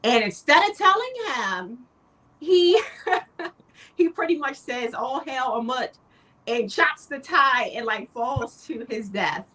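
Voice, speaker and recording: A woman co-hosting a casual chat podcast, recapping in a relaxed way with fillers and quoted lines. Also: high-pitched, slow pace, distant mic, slight background noise. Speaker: podcast co-host.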